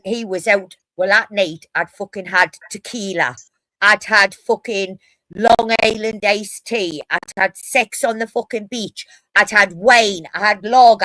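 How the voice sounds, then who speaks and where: A woman's voice: medium pitch, a bit bright, no echo. A woman with a Geordie accent, telling rowdy stories in a casual live stream chat, brash and full of swearing. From North East England.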